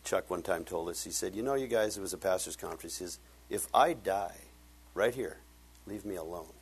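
A man preaching a sermon, reading scripture with loud emphatic rises and dropping to quiet asides for personal stories. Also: deep voice, brisk, a little hiss or hum. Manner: tells personal stories with laughter. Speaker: pastor.

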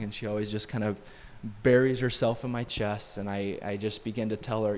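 A man's voice: medium pitch, fairly even intonation, brisk. A middle-aged male pastor preaching a sermon in a church, in a conversational way, with asides and rhetorical questions. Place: church sanctuary. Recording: long hall reverb.

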